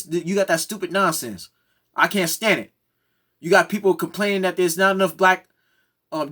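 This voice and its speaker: A man's voice: high-pitched, fairly bright tone. A man giving a heated, opinionated commentary, often tagging his points with "right?". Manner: heated, repeats "right?" and "come on now, man". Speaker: commentary vlogger. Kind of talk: opinionated monologue.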